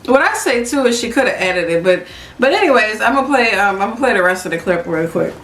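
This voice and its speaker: A woman's voice: mid-range voice, big pitch swings, fairly quick, a bit bright. A woman co-hosting a podcast in casual chat, telling stories full of fillers and retold quotes. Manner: chatty storyteller, many fillers and retold quotes. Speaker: podcast co-host. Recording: roomy echo.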